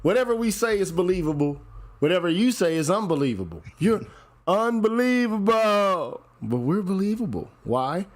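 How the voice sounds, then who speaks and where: A man's voice: on the high side, big pitch swings, brisk, darkish tone. A man hosting a casual commentary chat, talking in a profane, emphatic way and often repeating himself. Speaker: podcast host.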